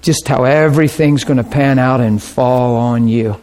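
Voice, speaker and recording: A man pastor giving an informal teaching talk, telling stories in an animated way and laughing often. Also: mid-range voice, moderate pace.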